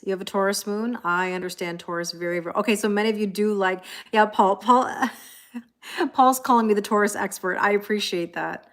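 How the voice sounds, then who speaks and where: Chatty woman on a live stream. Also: mid-range voice. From Canada. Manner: chatty, laughs often, reads viewer comments aloud. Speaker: tarot reader. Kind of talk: casual live-stream chat.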